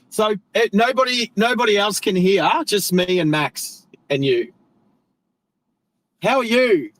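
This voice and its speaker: Chatty Australian man, fairly high voice. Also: expressive, unhurried, no room sound, low-quality recording. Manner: rambling, chatty, self-correcting, friendly slang. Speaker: live stream host. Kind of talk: casual live stream chat while driving.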